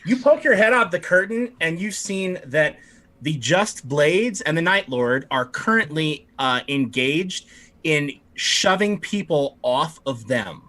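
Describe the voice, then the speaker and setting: A man narrating as game master of a tabletop game, telling the scene in a lively, animated way. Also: on the high side, slow pace.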